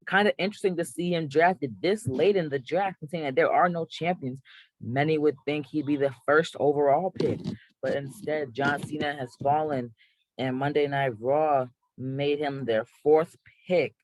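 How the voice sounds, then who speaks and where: A man's voice: fairly high pitch, dry recording, rough recording. Hyped man announcing a mock draft. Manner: hyped announcer delivery with self-corrections. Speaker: gaming channel host.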